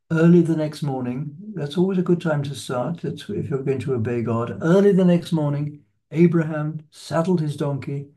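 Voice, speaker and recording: A man giving an unscripted lecture on a Bible passage, in a measured, explanatory way that stresses key words. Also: fairly high pitch, mellow. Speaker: lecturer on scripture.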